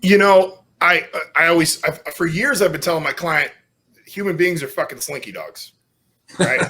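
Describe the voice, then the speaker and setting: A middle-aged man, a strongman guest on a podcast, telling stories casually with lots of swearing and loud self-mocking outbursts. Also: fairly high pitch, animated, moderate pace.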